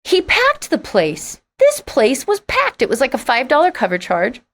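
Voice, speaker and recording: A middle-aged woman, a singer being interviewed on a podcast, telling stories frankly and emphatically, acting out old conversations with sudden leaps in pitch. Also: moderate pace. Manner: animated, acts out quoted exchanges with sharp jumps in pitch.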